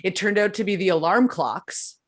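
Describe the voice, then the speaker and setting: A young adult woman co-hosting a casual chat, telling stories in an animated way full of "like" fillers. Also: medium pitch, normal speed. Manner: animated storytelling, many "like" fillers. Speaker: podcast co-host.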